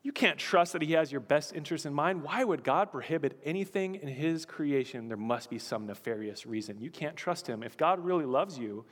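A man's voice: a little high, expressive, a little fast, few pauses, big-room sound. A man voicing a sly male devil who whispers lies in a hissing, insinuating tone. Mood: coaxing.

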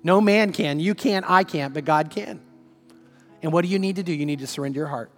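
A man's voice: on the high side, brisk, big-room sound, faint music behind. A man preaching as pastor, telling stories conversationally and asking repeated rhetorical questions. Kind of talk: sermon.

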